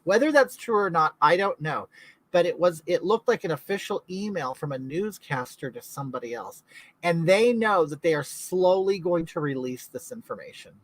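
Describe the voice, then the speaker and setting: A man's voice: fairly high pitch, expressive, normal speed, low-quality recording. A man from California hosting a casual livestream, chatting to viewers and reading their comments aloud in a gossipy way. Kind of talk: casual chat.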